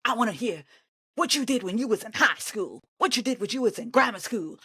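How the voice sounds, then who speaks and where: A woman in a reaction vlog, ranting at the screen with sharp sarcasm. Her voice leaps all over the place, from loud outbursts down to low mutters. The sound is dry, with no room echo. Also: a little fast, husky. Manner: indignant and sarcastic, talks back at the screen; animated, swings between loud outbursts and mutters. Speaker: vlogger reacting to an interview. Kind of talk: reaction commentary.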